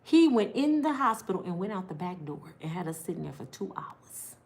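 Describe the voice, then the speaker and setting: A woman telling a personal story in a lively, colloquial way, acting out voices and laughing, addressing her listeners directly. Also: fairly low pitch, brisk.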